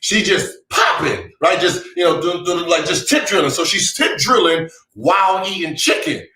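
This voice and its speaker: Animated man telling a wild story. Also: high-pitched, moderate pace, roomy sound, a little hiss or hum. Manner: animated, laughing, shouting punchlines, sound effects. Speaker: podcast host. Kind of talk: comedic storytelling.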